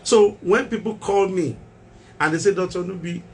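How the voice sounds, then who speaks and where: A man's voice: high voice, moderate pace, a little mellow, slight background noise. A man hosting a mental health talk show as a doctor, speaking emphatically, repeating key phrases and asking rhetorical questions.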